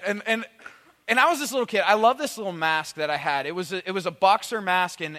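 A man in his thirties telling rambling, animated comic stories to an audience, full of "like" and "you know". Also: a little high, big-room sound. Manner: rambling, animated, heavy on "like" and "you know", bursts of loud excitement. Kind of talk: conversational storytelling, comic monologue.

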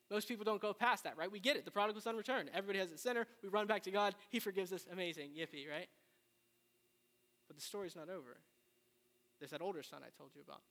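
A man preaching a sermon, retelling the story in a casual, animated way with slang. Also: high-pitched. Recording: long reverb of a large hall.

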